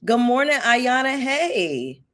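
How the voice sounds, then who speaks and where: A woman's voice: a little high, slow. Sassy woman live-streaming gossip commentary. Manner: sassy, animated, greets viewers by name. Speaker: YouTube commentary host.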